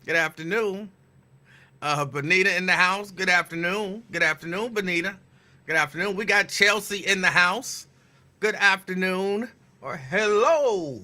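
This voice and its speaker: Radio host guy, high bright voice, playful teasing, shout-outs to callers. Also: steady tone, moderate pace. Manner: playful teasing, loud emphatic bursts. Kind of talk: casual live-show chat reading listener shout-outs.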